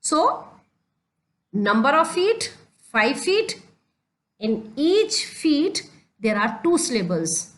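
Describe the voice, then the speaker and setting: A woman with an Indian English accent teaches poetry at an unhurried pace. Her fairly high voice swings widely in pitch as she explains each point step by step, often restating it. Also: very animated, fairly bright tone. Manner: repeats and restates points, deliberate stepwise explanation. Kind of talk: slow classroom lecture on poetry.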